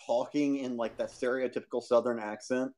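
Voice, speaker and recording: A co-host chatting and telling stories casually on a stream, animated and quick to laugh. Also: mid-range voice. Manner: animated storyteller, laughs easily.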